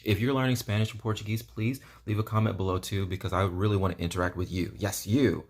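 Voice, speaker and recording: A man's voice: fairly low pitch, fairly even intonation, fast, a little mellow. A man talking casually to camera in a vlog, rambling earnestly with lots of ums and you-knows. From United States. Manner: earnest and enthusiastic. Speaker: vlogger.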